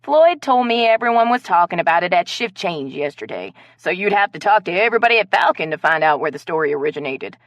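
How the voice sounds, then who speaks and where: A woman narrator voicing an outspoken female friend talking loudly and indignantly on the phone in an audiobook. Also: fairly low pitch, sing-song, dry recording, highs cut off. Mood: explaining. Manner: loud, indignant, quick.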